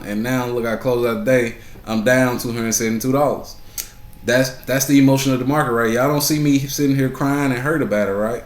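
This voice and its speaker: A man's voice: mid-range voice, fairly even intonation, brisk. A man giving a casual recap of the day's stock market, talking straight to his viewers, often asking "right?" and repeating phrases for emphasis. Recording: echoey room.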